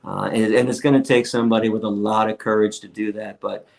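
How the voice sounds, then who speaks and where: A man's voice: on the low side, steady tone, fast talker, creaky, a little mellow. A man who is a guest on an interview show tells stories in an emphatic, defiant way and stacks repeated words when he gets worked up. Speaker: interview guest, activist lecturer. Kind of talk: storytelling in a casual interview.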